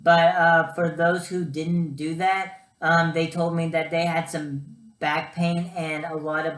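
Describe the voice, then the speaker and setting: A man's voice: on the high side, unhurried, echoey room. A young man giving casual vlog advice, chatty and full of ums and uhs. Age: young adult. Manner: chatty, lots of ums and uhs, animated storytelling. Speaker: student vlogger.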